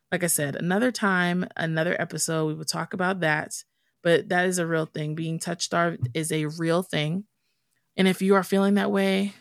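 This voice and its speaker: On her own podcast, a young woman talks in a chatty, candid way, as if to a friend. Her low-pitched voice has vocal fry. The recording is dry, with a clean studio sound.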